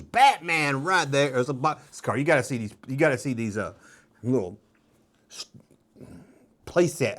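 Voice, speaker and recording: A man's voice: on the high side, fairly bright tone. A middle-aged man hosting a casual show-and-tell vlog, rambling with jokes and nostalgic asides. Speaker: toy collector host.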